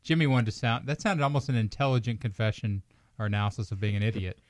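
A man's voice: fairly low pitch, steady tone, fast talker, no room sound, studio quality. A man from Kentucky, hosting a casual comedy podcast, teasing his co-hosts and laughing often. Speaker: podcast host.

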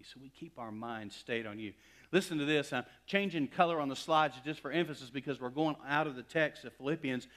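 A male pastor preaching a sermon, building to emphatic, louder swells and then dropping to hushed, slow asides. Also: medium pitch.

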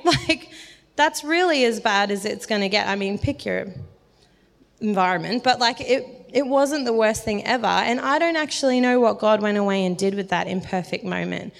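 A woman's voice: mid-range voice, moderate pace, creaky. A woman preaching a sermon, telling self-deprecating stories in a chatty way and laughing often. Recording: long hall reverb.

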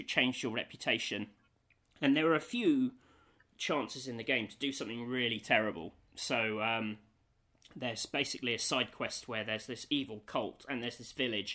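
A man in casual chat, telling an animated story with many fillers and frequent laughter. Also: mid-range voice.

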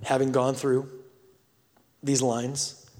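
A pastor giving a sermon, telling a story with emphatic swells and hushed drops. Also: male voice, mid-range voice, flat delivery, takes it slowly, big-room sound.

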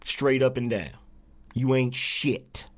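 A man's voice: mid-range voice, slow pace. A man hosting a livestream, ranting at viewers in a profane, repetitive, confrontational way. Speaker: livestream host. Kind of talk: angry livestream rant.

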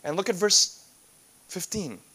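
A man's voice: sits high, expressive, unhurried, sharp tone, breathy edge. A man preaching a sermon as a pastor, earnest and full of rhetorical questions.

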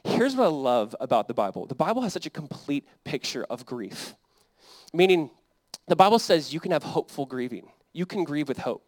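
A man's voice: a little high, darkish tone, dry recording. A young adult man, a pastor, preaching a sermon in an earnest, conversational way that builds to emphatic peaks.

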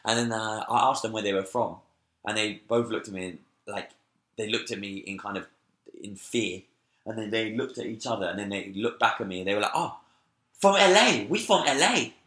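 A man with a London accent tells an anecdote in a loose, animated way, often tossing in "like" and "right?". His voice is bright and forward. There is a noticeable roomy echo around it. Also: lowish voice, fairly quick. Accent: London English. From London, England. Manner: animated, chatty, frequent "like" and "right?". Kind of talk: casual anecdotal storytelling.

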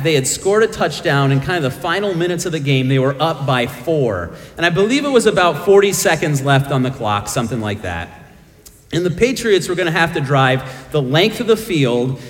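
Middle-aged pastor guy, animated up-and-down voice, a bit high, jokes at his own expense, hall echo. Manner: self-deprecating storytelling with humor. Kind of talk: sermon.

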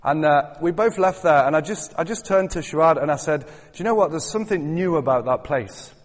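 A man's voice: fairly high pitch, animated, fairly quick. A man preaching a sermon as a guest speaker in a church, chatty and joking, rising into fervent appeals to the congregation. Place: church hall. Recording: long hall reverb.

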